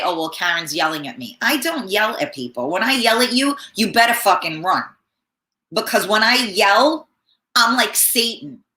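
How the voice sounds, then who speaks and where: A middle-aged woman hosting a talk show, hoarse and often clearing her throat, rambling in a blunt, profane, casual way. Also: mid-range voice, bright, forceful tone, reverberant. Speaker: host. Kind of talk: casual chat.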